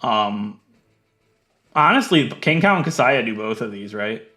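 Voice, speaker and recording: A man giving casual gameplay commentary, chatty and thinking aloud, swinging from low muttering to loud mock outrage. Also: sing-song, a little slow, soft background music. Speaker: let's play gaming creator.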